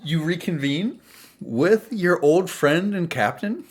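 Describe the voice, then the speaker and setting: A man narrating a tabletop game as game master, in a measured, descriptive way. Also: sits high, lively intonation.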